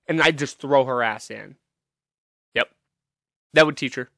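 A man's voice: medium pitch, measured pace, vocal fry, sharp tone, dry recording, clean studio sound. A man hosting a podcast, delivering a profane, sarcastic comedic rant in a casual monologue. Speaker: podcast host.

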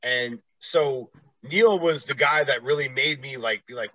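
Bright-voiced laid-back man hosting. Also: mid-range voice, a little slow, no echo, highs cut off. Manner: laid-back, rambling, laughs easily. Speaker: podcast host. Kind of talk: casual chat.

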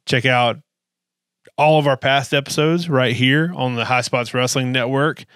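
A man's voice: mid-range voice, fairly even intonation, a little slow, a bit bright, clear, resonant tone, dry recording, studio quality. A man hosting a podcast, chatting casually and wrapping up the episode with plugs. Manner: brief reactions, plugs the network. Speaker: podcast host. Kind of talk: casual chat and show outro.

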